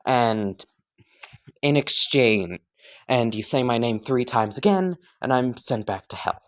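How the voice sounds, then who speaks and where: A man's voice: mid-range voice, expressive, slow. A man voicing a young demon brother from hell who bargains over a contract, casual and swearing. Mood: bargaining. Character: demon twin brother freed from hell, scheming.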